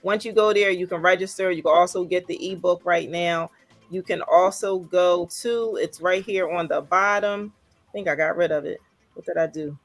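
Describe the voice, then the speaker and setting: A woman hosting a casual livestream, upbeat and animated, repeating phrases for emphasis. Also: fairly low pitch, normal speed, faint music behind. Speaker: livestream host.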